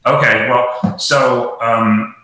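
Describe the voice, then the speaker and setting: A man's voice: mid-range voice, fairly even intonation, extremely slow, bright, forceful tone. A man from Lancaster, Pennsylvania, a golf professional telling a long casual story, rambling with lots of fillers. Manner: rambling, many "you know" fillers. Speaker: podcast guest, golf professional. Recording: very echoey room.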